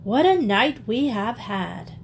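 Woman reading as a jovial gentleman. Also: fairly high pitch, big pitch swings, takes it slowly, slight background noise, exaggerated voice. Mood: genial. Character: hearty middle-aged male gentleman, jovial. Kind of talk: audiobook character reading.

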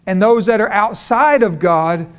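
Fervent high-voiced preacher man. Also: measured pace, clear, resonant tone. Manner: storytelling, folksy, rising to fervent. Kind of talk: sermon.

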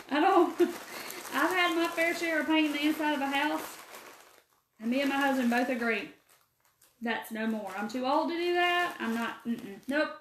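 A woman's voice: high voice, measured pace, pauses often, a bit bright, slight background noise. A woman with a Mississippi Southern accent, hosting a live craft demo, talking folksy and chatty and answering viewers by name. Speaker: craft live-stream host. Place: empty room. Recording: echoey room.

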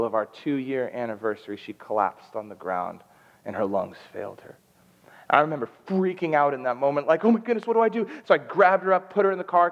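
Emotional young preacher in a reverberant hall. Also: male voice, medium pitch. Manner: emotional, animated storytelling. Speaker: guest preacher. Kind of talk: storytelling sermon. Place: church sanctuary. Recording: dull lo-fi sound with long hall reverb.

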